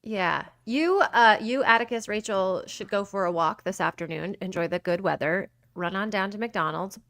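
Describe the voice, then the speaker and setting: A woman co-hosting a podcast, bubbly and playful, with quick laughs and joking sarcasm. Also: mid-range voice, a bit bright. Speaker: co-host. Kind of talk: casual chat.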